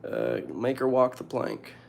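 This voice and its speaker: A young man casually reading out viewer questions and giving joking, deadpan advice. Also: mid-range voice, unhurried, gravelly. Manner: reads questions aloud, jokey deadpan answers. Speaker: streamer answering viewer questions.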